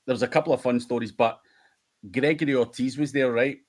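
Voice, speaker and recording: A man's voice: mid-range voice, steady tone, fairly quick. Scottish male host, laughing storyteller who swears a lot, chatty livestream delivery. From United Kingdom. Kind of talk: casual livestream chat.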